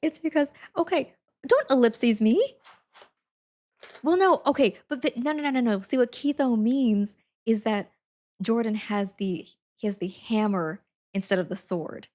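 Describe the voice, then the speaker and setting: A woman's voice: fairly high pitch, normal speed, darkish tone. A woman chatting casually on a live stream, giggling often as she answers her viewers. She talks from home while packing things up. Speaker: livestreamer.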